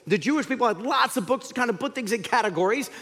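A man preaching a sermon as pastor, swinging from loud emphatic lines to hushed ones. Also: very high-pitched, fast talker. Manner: animated, dramatic swings between loud and hushed. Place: church sanctuary. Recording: reverberant church hall.

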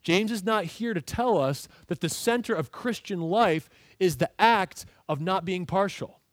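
Male pastor, slightly higher voice, expository sermon with rhetorical questions, dry close mic. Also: unhurried, dry recording.

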